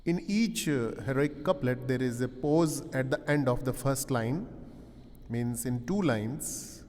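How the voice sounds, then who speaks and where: Male lecturer, unhurried and halting, recorded in a reverberant hall. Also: medium pitch, darkish tone. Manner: slow and deliberate, frequent "uh" pauses, rephrases points. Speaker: English literature professor.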